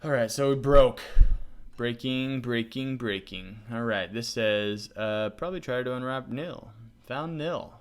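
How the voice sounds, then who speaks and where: A man hosting a casual coding tutorial, talking to himself as he works and getting loudly excited and laughing when things run. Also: mid-range voice, a little slow.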